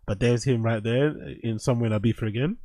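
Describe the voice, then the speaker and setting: A man riffing loudly over video clips, swearing freely and getting worked up as he reacts. His voice sits at an ordinary pitch, recorded close and dry, with faint music playing under him. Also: fast talker, no room sound. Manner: profane, animated, talks over the clips. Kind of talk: casual reaction commentary.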